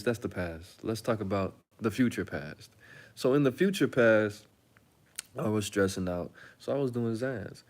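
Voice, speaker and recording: A young man telling his own story in a casual, animated, slangy way, with dramatic turns. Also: on the low side. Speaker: storytelling video host.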